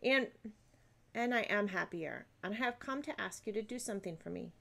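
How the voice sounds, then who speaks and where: A woman's voice: mid-range voice, animated, moderate pace, vocal fry, sharp tone, full character voice. A woman voicing an earnest, polite young girl in a storybook reading.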